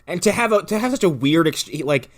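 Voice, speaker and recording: A man's voice: on the high side, animated, fast talker. A man co-hosting a casual movie review chat, joking in a sarcastic, profane way. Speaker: podcast co-host.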